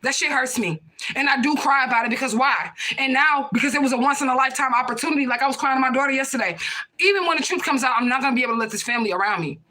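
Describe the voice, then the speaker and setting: A woman's voice: high-pitched, racing, pushed and bright. A young woman reading cards on a live stream, speaking bluntly, swearing often and punctuating her points with "okay?" and "period, point blank.". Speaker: card reader. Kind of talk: casual live-stream talk.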